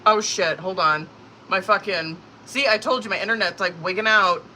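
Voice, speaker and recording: A woman chats through a live tarot stream into a phone or tablet, her voice bright and sharp. She talks loosely and swears freely, breaking into laughter as she goes. The delivery is pure casual live-stream chat. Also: mid-range voice, moderate pace, slight background noise, poor audio. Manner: chatty, profane, laughs often.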